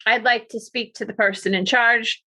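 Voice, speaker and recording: A woman's voice: fairly high pitch, fairly even intonation, moderate pace, bright, forceful tone. A woman playing a bold, scheming middle-aged noble widow who speaks in a commanding, sly way. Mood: determined.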